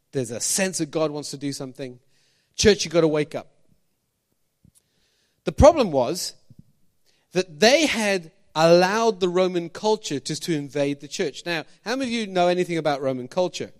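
Lively high-voiced male preacher. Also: moderate pace. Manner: animated, asks the congregation questions, jokey asides. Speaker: pastor. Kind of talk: sermon.

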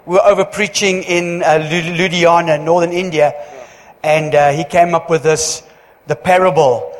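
A man giving church notices as pastor, chatty and joking, with halting restarts. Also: on the high side, fairly even intonation. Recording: long hall reverb.

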